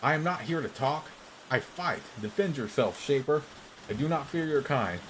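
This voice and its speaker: Man reading defiant rebel soldier woman from a game, calm, cold, plain delivery, mid-pitched voice. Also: normal speed, a little hiss or hum, natural voice, poor audio. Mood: calm defiance.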